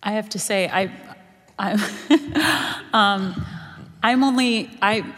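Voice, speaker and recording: A woman's voice: mid-range voice, expressive, drawn-out words, fairly bright tone. A woman, an opera singer cast in a musical, talking animatedly in a panel interview, laughing often and acting out lines. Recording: hall reverb.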